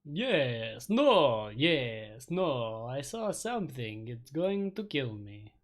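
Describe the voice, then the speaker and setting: A man voicing a frightened, addled male street shaman in a put-on vampire-like accent, halting and repeating his words. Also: mid-range voice, big pitch swings.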